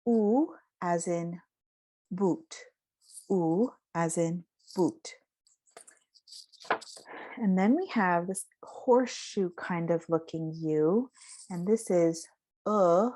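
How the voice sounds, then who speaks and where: Slow, careful woman teaching vowel sounds. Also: on the low side, warm tone. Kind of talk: phonetics lesson.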